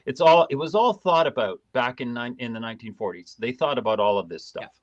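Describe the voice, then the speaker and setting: A man hosting a live stream, reading through a document and twisting it sarcastically, halting often with fillers. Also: mid-range voice, lo-fi sound. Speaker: host.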